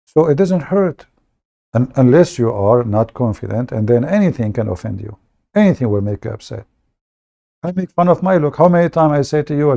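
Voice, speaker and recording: A man from the Middle East speaks English with an Arabic accent, his voice low and gravelly with a dark, mellow tone. He talks bluntly and jokes at his own expense, often stumbling over and repeating words in a casual livestream monologue. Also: lively intonation, brisk, dull audio. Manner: blunt, joking, self-mocking, repeats words. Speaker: online debate show host.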